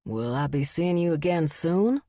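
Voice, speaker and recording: A woman voicing a charming, flirty southern gentleman with a deep voice and a slow, teasing drawl. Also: expressive, no echo, clean studio sound. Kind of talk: audiobook narration.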